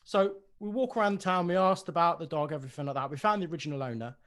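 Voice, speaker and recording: A man's voice: on the high side, quick pace, a bit bright, close to an everyday voice. A man playing an earnest young male devotee in a tabletop game, eagerly telling his story.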